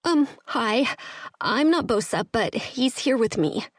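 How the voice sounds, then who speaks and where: A woman's voice: on the high side, expressive, slow pace, dry recording, pitched above the performer's own voice. A woman narrator voicing a frightened young human woman, speaking in pleading, breathless lines. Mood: desperate.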